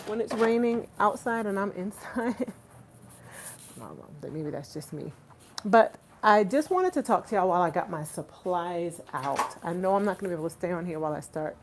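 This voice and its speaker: A woman's voice: medium pitch, a little hiss or hum, poor audio. A woman chatting casually with her livestream viewers while she cooks in her home kitchen, laughing often and talking to them directly. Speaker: vlogger hosting a livestream. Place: home kitchen, rain outside. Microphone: phone set on the counter.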